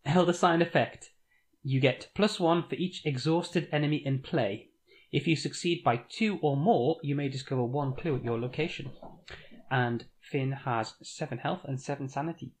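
A man with a medium-pitched voice chats easily on a board game podcast. He reads card text aloud and then talks it over in a relaxed way. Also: normal speed, husky. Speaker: podcast co-host. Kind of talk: casual board game discussion.

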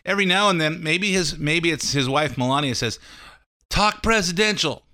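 A man hosts a call-in radio show with a bright, crisp and clear voice. He talks off the cuff about politics, rambling with frequent fillers and restarts. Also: on the high side, brisk. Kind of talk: casual political commentary.

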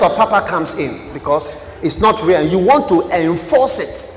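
High-pitched preacher in an echoey hall. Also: male voice, sing-song, moderate pace, hardly any pauses. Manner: dramatic, swings from loud to hushed, questions the congregation. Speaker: pastor. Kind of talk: sermon.

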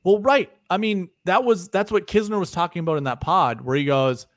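A man co-hosting a podcast, telling a story in casual chat, animated and swearing freely, often trailing off quietly at the ends of phrases. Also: high voice, brisk, hardly any pauses, no room sound, studio quality. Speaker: podcast co-host.

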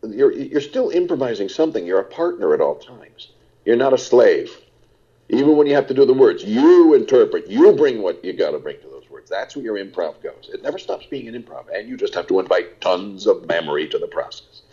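A husky, fairly quick voice on the low side belongs to an older actor being interviewed, heard over dull audio. He meanders through animated tales, filling them with "uh"s in casual conversation.

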